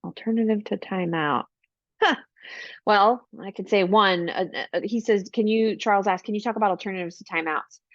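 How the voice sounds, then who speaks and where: A woman's voice: medium pitch, moderate pace, no room sound, highs cut off. Chatty woman presenting a parenting workshop. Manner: casual, chatty, many "like" and "right?" fillers; acts out warm parent lines in a brighter voice. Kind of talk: online parent workshop talk.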